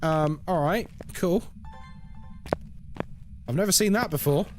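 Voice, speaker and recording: A man's voice: a little high, takes it slowly, music in the background. A man giving live commentary on a horror game as a streamer, chatting with viewers and reacting aloud to what happens. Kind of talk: live gameplay commentary and chat.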